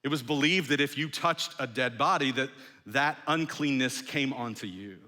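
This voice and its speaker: A man, a pastor, preaching a sermon in a conversational storytelling way that often drops soft and low. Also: moderate pace. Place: large church hall. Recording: long hall reverb.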